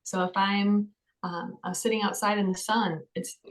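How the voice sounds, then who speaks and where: A woman counselor chats as a podcast guest, telling everyday stories in a lively way. She fills her speech with casual asides. Her pitch sits in an ordinary middle range. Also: moderate pace, low-quality recording. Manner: chatty, lively storytelling with many fillers. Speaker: mental health counselor.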